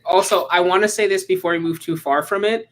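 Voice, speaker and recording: A man's voice: high voice, brisk. A man co-hosting a comic podcast, chatting and teasing his friends. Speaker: podcast co-host. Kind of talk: casual podcast discussion.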